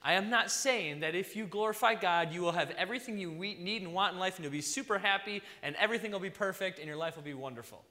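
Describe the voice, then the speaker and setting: A man who is a father, preaching a sermon, swinging between loud emphasis and soft near-whispers. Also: high voice, fast, hardly any pauses, long reverb tail. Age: young adult to middle-aged, a father.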